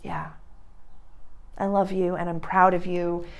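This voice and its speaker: In a fairly low, flat voice, an astrology reader speaks slowly through an intuitive reading. Affectionate and meandering, she fills her talk with "like," addresses the listener as dear and honey, and sometimes swears bluntly.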